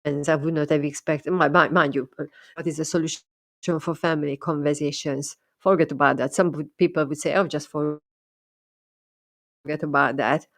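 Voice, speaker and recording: A woman's voice: low voice, fairly even intonation, brisk, dry recording, studio quality. A woman talking thoughtfully about her experiences as a medium, often repeating and restarting words. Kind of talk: casual monologue.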